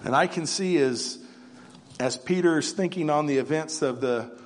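Preacher guy telling bible story, mid voice, bit of noise behind. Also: mid-range voice. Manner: storytelling, vivid retelling with repetitions. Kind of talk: sermon.

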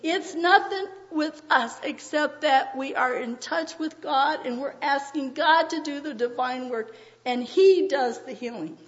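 A woman preaching a sermon with emotion, often pausing on "uh" as her voice breaks. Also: high voice. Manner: emotional, frequent "uh" fillers, voice breaking. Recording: dull audio in a reverberant hall.

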